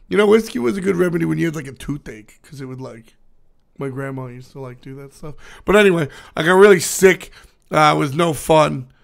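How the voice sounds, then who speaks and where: A young man with a hoarse, still-recovering voice, rambling casually to his stream chat, with lots of fillers. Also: medium pitch. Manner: rambling, filler-heavy storytelling. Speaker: esports caster streaming to chat.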